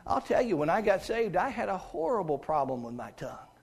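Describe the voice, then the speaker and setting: A man with a Southern American accent preaching a sermon as a guest preacher, folksy, moving from hushed asides to shouted peaks. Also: sits high, sing-song, fairly quick, gravelly, husky.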